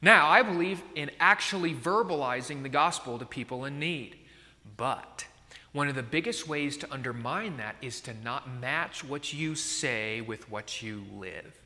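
A man's voice: mid-range voice, measured pace, bright, forceful tone, long reverb tail. A man preaching a sermon in a conversational way, often checking in with his listeners. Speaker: pastor.

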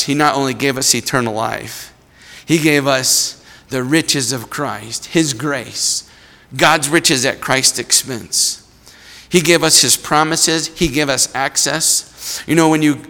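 A man's voice: fairly high pitch, bright, forceful tone. A man preaching a sermon in a conversational way, acting out small voices in his stories. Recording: long hall reverb.

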